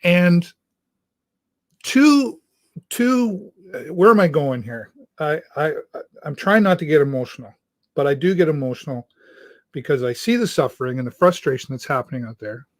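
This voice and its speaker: A male talk show host speaking earnestly and haltingly to his viewers, often restarting his sentences, from inside a church. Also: medium pitch, animated, dry recording, clean studio sound. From Canada. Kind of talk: heartfelt monologue to viewers.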